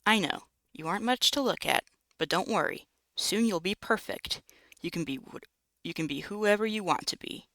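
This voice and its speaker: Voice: medium pitch, moderate pace, dry recording. A performer voicing a short, tired but eager witch who fusses over her new creation, read aloud from a text game. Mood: doting. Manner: fussy, doting, excitable.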